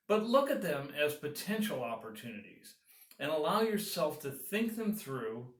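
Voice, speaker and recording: A man's voice: a little high, fairly bright tone, roomy sound, distant mic. A man, a business consultant, giving earnest, encouraging advice and walking through steps one by one. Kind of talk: advice talk to camera.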